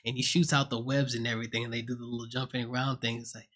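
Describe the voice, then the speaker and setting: A man's voice: medium pitch, level tone, rapid-fire, fairly bright tone. Man, casual movie review, profane, jokey retelling, acts out quotes, close home mic. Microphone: own desk mic, close.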